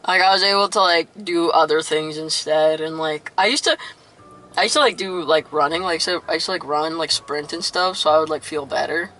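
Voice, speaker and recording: A young adult rapper, a guest in a casual interview, speaks candidly and leans heavily on "like" as a filler. The voice is mid-range, fairly quick, pushed and bright, captured on a low-quality recording.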